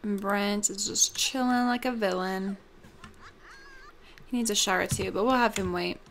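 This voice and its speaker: Bubbly young woman with slow gravelly talk. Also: mid-range voice, fairly even intonation, fairly bright tone, a little hiss or hum. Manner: bubbly, gushing, lots of ums. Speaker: let's play host. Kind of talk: casual gameplay commentary.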